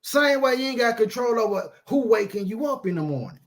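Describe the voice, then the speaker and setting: Man, high-pitched, streetwise preacher, emphatic, repetitive, informal sermon. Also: big pitch swings, fairly quick.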